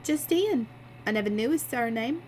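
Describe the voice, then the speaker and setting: A woman's voice: a little high, expressive, moderate pace, a little hiss or hum, natural voice. Woman putting on a cheeky barmaid. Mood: breezy. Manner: breezy, cheeky storytelling.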